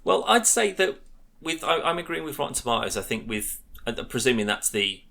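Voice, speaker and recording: A man's voice: mid-range voice, sing-song, fairly quick, creaky, pushed and bright. A man co-hosting a podcast, chatting casually and giving his opinions emphatically. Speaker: podcast co-host. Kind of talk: casual chat.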